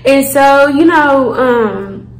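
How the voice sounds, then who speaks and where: A woman tells a storytime to her viewers in a chatty, slangy way, full of fillers and asides. Her voice sits a little high. The room has a noticeable echo. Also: extremely slow. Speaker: storyteller, channel host. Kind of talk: casual storytime vlog.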